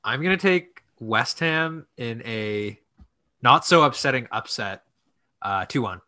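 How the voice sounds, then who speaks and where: A man's voice: mid-range voice, expressive, takes it slowly, sharp tone. A man hosting a soccer podcast in casual chat, hesitant and full of fillers.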